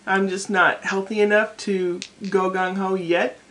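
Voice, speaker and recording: A woman's voice: medium pitch, level tone, unhurried, fairly bright tone. A middle-aged American woman talking casually to her camera at home, rambling from one thought to the next with self-deprecating asides. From United States. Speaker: vlogger. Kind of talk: casual rambling vlog monologue. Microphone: camera microphone.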